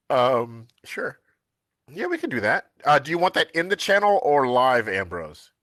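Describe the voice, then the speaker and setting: Lively, bright-voiced man telling stories. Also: fairly high pitch, no room sound. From United States. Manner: animated storytelling, laughs often. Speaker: co-host. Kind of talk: casual live-stream chat.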